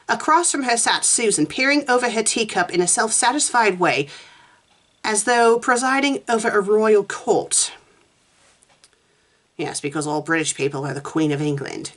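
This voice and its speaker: Reading a fanfiction story aloud for review, a woman with a fairly low voice adds dry, sarcastic comments. She puts on a haughty, posh voice whenever the wife speaks.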